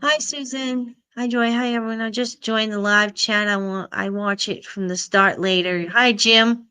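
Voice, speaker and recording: A woman's voice: on the high side, fairly even intonation, normal speed, sharp tone, clear, resonant tone. A middle-aged woman hosting a casual live stream, chatting and answering viewers' comments.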